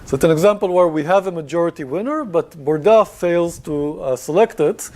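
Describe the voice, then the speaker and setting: A man's voice: on the high side, a little fast, warm tone. A man giving a university lecture, talking to the class in a conversational way with many fillers and questions.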